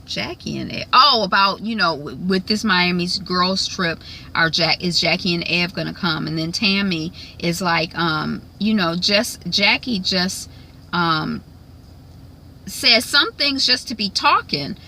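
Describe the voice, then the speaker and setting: A woman's voice: on the low side, a little slow, creaky, sharp tone, a little hiss or hum, poor audio. A woman casually recapping a reality TV episode, chatty with lots of ums and frequent laughs. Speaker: recap vlogger.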